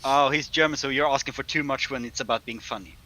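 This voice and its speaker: Guy reading chat messages on a stream, really bright voice, dry teasing. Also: mid-range voice, fast talker, dull audio.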